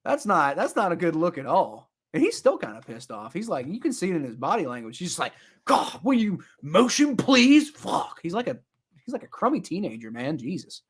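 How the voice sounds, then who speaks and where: A young man talks through a football game live, half commentary and half reaction, rambling with lots of fillers. His voice sits a bit higher than most men's, and he gets loud and exasperated when the play annoys him. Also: big pitch swings, fast, husky. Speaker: sports reaction streamer.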